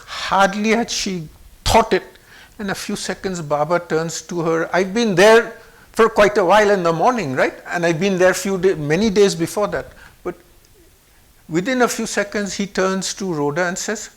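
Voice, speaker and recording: A man in his seventies, originally from Pakistan, recounting personal memories in an animated way, changing his pitch and volume to act out what other people said. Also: moderate pace. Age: 70s. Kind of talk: personal storytelling.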